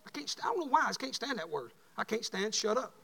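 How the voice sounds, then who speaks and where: Fervent preacher man, high voice. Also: big pitch swings, fast talker, creaky, slightly rough, in a large hall. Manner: folksy storytelling, rising to fervent shouts. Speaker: pastor. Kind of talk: sermon.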